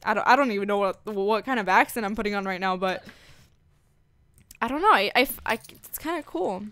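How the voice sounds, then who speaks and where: A woman hosting a casual let's-play, chatting and gushing excitedly as she narrates her game. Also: mid-range voice, a little fast, no room sound, clean studio sound. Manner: bubbly, gushing, chatty with lots of "like" and "freaking". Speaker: gaming channel host.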